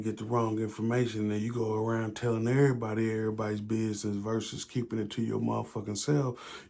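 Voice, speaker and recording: A man's voice: mid-range voice, warm tone, voice pushed up, close to an everyday voice. A man voicing a furious adult male inmate who curses and scolds another prisoner. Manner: cursing, scolding, threatening.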